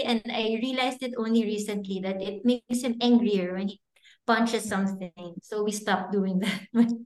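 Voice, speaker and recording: A woman, a children's book author telling stories in a casual interview, chatty and full of fillers. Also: on the high side. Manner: chatty, anecdotal, with frequent fillers and laughs. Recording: echoey room.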